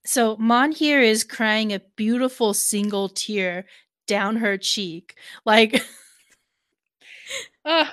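A woman's voice: a little high, extremely slow, pauses often, a bit bright, dry recording. A woman co-hosting a show recap, chatty and laughing often, with many fillers. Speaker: podcast co-host. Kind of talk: casual recap chat.

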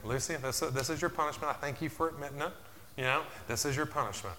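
A man preaching a sermon as pastor, repeating his phrases, dropping in "amen" often, and building to loud, emphatic peaks. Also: a little high, fast, a little hiss or hum. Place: church sanctuary. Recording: long reverb of a large hall.

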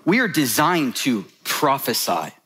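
A man preaching a sermon in a church, joking and animated, laughing between his points. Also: medium pitch, a little slow, a little hiss or hum.

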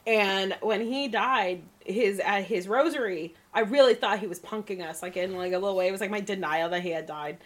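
A woman's voice: medium pitch, brisk, few pauses. A woman co-hosting a podcast, telling a long story in a chatty, rambling way and laughing often. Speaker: podcast co-host. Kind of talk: casual chat, storytelling.

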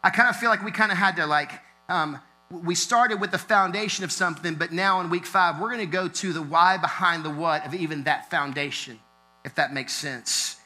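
High, bright-voiced man preaching a sermon. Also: fairly quick, rough recording. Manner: earnest preaching, rising to emphatic intensity. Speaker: pastor.

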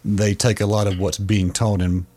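Male podcast co-host, low voice, a casual storytelling explainer who often restarts his sentences. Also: little pitch movement, moderate pace, mellow.

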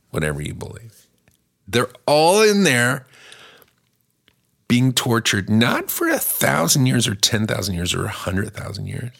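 A man performing a rambling stand-up comedy bit, acting out little voices and swinging from mumbles to shouts. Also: mid-range voice, creaky, slightly rough.

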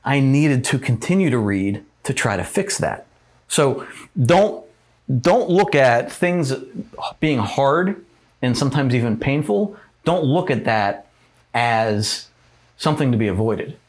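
A man talks through an informal lesson as he writes on a board. His delivery is loose and conversational, full of fillers and tag questions. His voice sits at an ordinary middle pitch. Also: lively intonation, slow pace. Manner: casual and rambling, many fillers and tag questions. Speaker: teacher. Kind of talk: informal talk on growth and pain, writing on a board.

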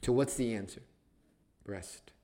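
A man's voice: medium pitch, unhurried, dark tone. A man hosting a podcast, teaching the Bible in casual conversation, emphatic and repetitive, restarting phrases to stress them.

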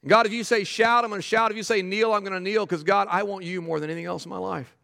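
Male pastor, high gravelly voice, emphatic sermon delivery in a church hall with long reverb. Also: quick pace. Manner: animated, emphatic preaching with repeated phrases. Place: church sanctuary.

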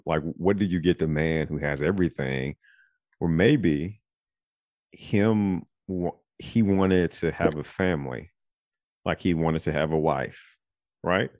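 Low-voiced man rambling on a podcast. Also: no room sound. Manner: rambling, digressive, thinks out loud. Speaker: podcast host. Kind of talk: casual podcast chat.

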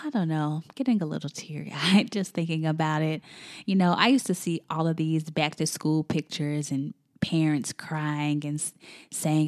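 A woman's voice: deep voice, moderate pace, a little mellow. A woman in her thirties hosting a faith and family podcast, talking in an effusive, emotional, chatty way. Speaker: podcast host.

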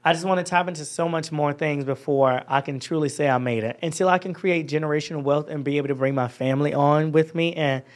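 A young man from Georgia talks easily as a podcast guest, open and candid. His voice sits a touch high. He drops in casual swearing along the way. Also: quick pace, hardly any pauses. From Georgia, USA. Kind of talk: casual interview chat.

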